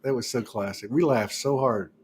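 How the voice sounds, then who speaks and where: A man's voice: mid-range voice, normal speed, slight background noise. A man hosting a casual spiritual talk show, rambling and restarting as he tells stories and laughs along. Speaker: host.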